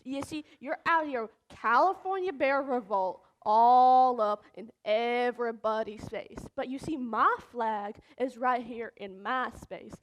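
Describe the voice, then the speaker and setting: A woman's voice: a little high, measured pace, few pauses, lightly acted. A teenage girl acting on a school stage as a drunk, giggly college girl with a Southern accent who slurs and turns defensive. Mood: drunk indignant. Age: teens. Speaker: student actor.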